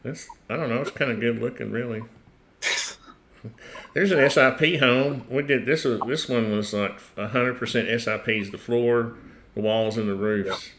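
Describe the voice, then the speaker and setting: A man's voice: mid-range voice, unhurried, a bit bright, a little hiss or hum. A middle-aged man with a Tennessee accent hosting a casual livestream, rambling, chuckling and trailing off mid-sentence. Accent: Tennessee Southern US. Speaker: host.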